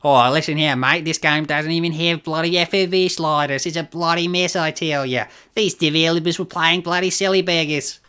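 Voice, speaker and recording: A man voicing a cheeky, blustering British game critic, rambling in a mock accent full of slang, raised a little in pitch. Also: steady tone, unhurried, few pauses, sharp tone, clear, resonant tone. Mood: mock grumbling.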